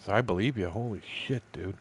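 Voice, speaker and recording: An older man in his sixties chats while he plays a fishing game on stream. His voice sits a little low. He rambles through old stories, swears freely and laughs along the way. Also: fairly quick, slightly rough. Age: 60s.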